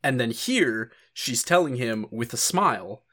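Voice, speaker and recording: A man chatting casually on a podcast as he recaps an anime. His talk is lively and full of laughter, and he slips into the characters' voices when he quotes them. His voice sits in a middling pitch. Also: unhurried. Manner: animated, laughs often, acts out quoted lines.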